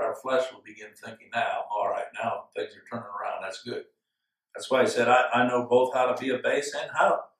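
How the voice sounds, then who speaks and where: A male pastor giving an earnest, measured sermon with slow, emphatic phrases. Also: medium pitch. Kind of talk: expository sermon. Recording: echoey room, from far off.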